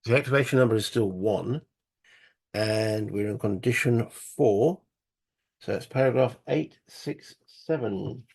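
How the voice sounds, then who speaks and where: Gravelly man talking through a board game. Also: fairly low pitch, a little slow, darkish tone. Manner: muttering rules aloud, thinking through moves. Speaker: solo board-game player. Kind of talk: casual solo wargame playthrough.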